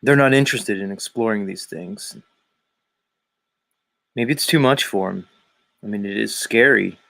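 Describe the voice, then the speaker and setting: A man's voice: on the low side, unhurried, gravelly, a bit bright, no echo, low-quality recording. A man with a Philadelphia accent who hosts a show, giving sardonic, musing livestream commentary that wanders off on tangents. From Philadelphia area, US. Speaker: show host.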